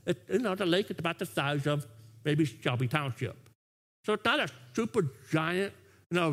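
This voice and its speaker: High, animated male pastor preaching. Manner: animated, stammering restarts. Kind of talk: sermon.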